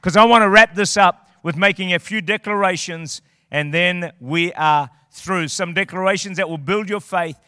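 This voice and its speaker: High-voiced man preaching with fire. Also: moderate pace, smooth, dry recording, studio quality. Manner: impassioned preaching, rising to shouted declarations. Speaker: pastor. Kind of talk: sermon.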